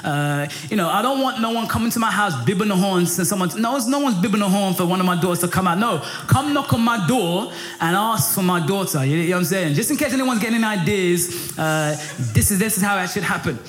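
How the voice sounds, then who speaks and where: A middle-aged man preaching a sermon in a lively, passionate way. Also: fast talker. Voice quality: high for a man, lively and passionate, rising when pressed. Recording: echoey room with faint music.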